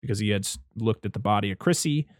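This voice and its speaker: A man's voice: fairly low pitch, fast talker, dry recording, studio quality. Rambling man in casual chat. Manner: rambling, self-interrupting, laughs often, acts out quotes. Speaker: podcast co-host. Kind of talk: casual chat recapping a film.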